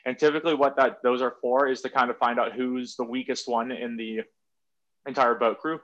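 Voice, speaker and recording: Podcast guest, man, mid-pitch, easygoing rambling storyteller, swears casually, a bit muffled audio. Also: fairly even intonation, a little fast, a bit bright. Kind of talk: casual conversation.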